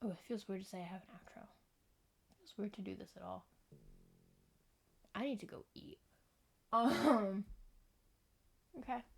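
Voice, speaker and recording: A young woman vlogging to camera at home into a microphone, rambling casually, giggling and often apologizing. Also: a little high. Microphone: external microphone.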